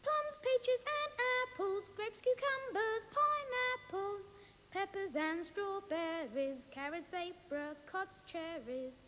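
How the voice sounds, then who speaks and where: An ad voice-over where a woman reads a list slowly and deliberately. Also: very high-pitched, animated, a bit bright, faint music behind, heavily acted. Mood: calm. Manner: slow, deliberate list reading. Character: woman ad voice, calmly listing fruits.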